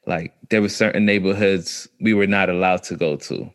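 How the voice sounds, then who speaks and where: A man's voice: sits low, moderate pace, hardly any pauses. A man with a New York accent, chatting casually and telling stories in laid-back street slang. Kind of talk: casual chat.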